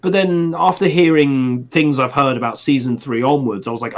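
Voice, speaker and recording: A man's voice: medium pitch, fairly quick, hardly any pauses. A man co-hosting a casual podcast chat, ranting sarcastically with restarts and laughs. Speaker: podcast co-host.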